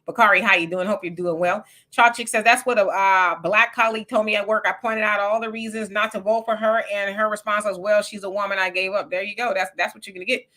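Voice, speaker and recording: Sassy chatty woman, bright voice. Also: mid-range voice, steady tone, fairly quick, hardly any pauses. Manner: chatty, reads comments aloud, sassy asides. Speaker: livestream co-host reading viewer comments. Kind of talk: casual livestream chat.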